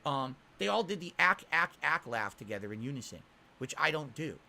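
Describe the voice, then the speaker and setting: A man's voice: a little high, sing-song, a little fast, creaky, crowd noise. A man in a clip from his own stream, ranting indignantly and repeating himself as he argues.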